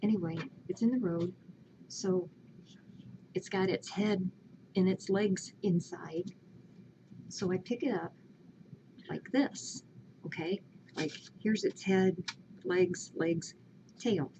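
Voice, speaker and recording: A woman's voice: fairly low pitch, slow, long pauses, background noise. A woman animatedly retelling a story in casual chat, laughing often. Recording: lo-fi home video with faint ambience.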